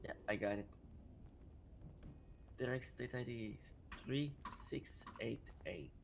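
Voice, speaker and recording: A man's voice: medium pitch, slow pace, vocal fry, noisy background. A man with a groggy morning voice, chatting casually and matter-of-factly in a role-play game. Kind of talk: in-character role-play chat.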